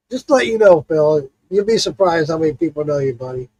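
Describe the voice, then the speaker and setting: A man's voice: a little high, no room sound, low-quality recording. A man hosting a livestream, telling stories in a loose, casual chat and swearing freely. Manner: animated storytelling, swears freely. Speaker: livestream host.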